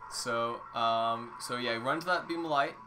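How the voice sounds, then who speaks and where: A man's voice: mid-range voice, measured pace, noisy background. A man chatting casually while playing a video game, guiding the others and joking around. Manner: playful, hums tunes and sings along. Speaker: game player. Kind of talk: casual let's-play chat. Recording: game music playing behind.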